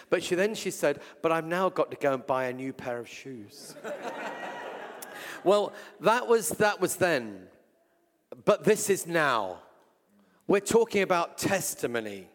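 An English man preaching a sermon and telling healing stories, swinging between loud exclamations and hushed asides. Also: on the high side. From England. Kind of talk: sermon with storytelling. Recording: long reverb from a large hall.

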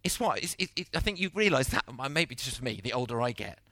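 A middle-aged man preaching a sermon, telling the story with lively acted-out voices. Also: mid-range voice, fast talker, no echo. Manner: animated storytelling, acting out quotes.

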